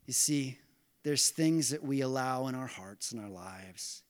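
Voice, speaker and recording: A middle-aged pastor preaching a sermon, telling a personal story with earnest, conversational asides to the congregation. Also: male voice, medium pitch, expressive, a little slow.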